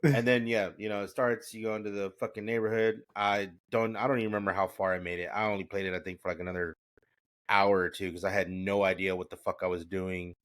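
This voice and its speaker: A man's voice: on the low side, fast. A podcast co-host telling a story with energy, swearing a lot and acting out his own reactions. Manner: animated, profane, acts out his reactions. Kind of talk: casual storytelling.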